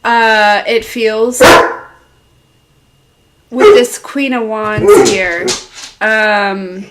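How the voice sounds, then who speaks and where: A woman's voice: fairly high pitch, steady tone, drawn-out words, very noisy. A woman giving a live tarot reading, rambling and hesitant with many fillers. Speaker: tarot reader. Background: dog in the room.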